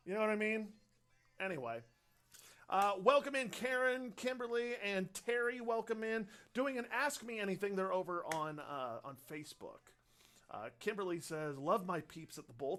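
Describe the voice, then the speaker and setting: A man's voice: high-pitched, fairly bright tone. A young man hosting a radio show livestream, rambling casually and upbeat as he reads out viewer questions. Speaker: radio host.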